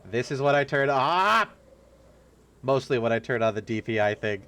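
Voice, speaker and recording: A man's voice: expressive, moderate pace, pushed and bright. A man streaming a horror game, talking casually and profanely while he plays. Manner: loose, profane running jokes with sudden pitch jumps. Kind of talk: casual gameplay commentary.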